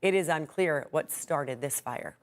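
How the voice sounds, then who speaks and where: A female news anchor with an American accent, reading morning stories in a brisk, upbeat way. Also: sits low. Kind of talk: news reading and light chat.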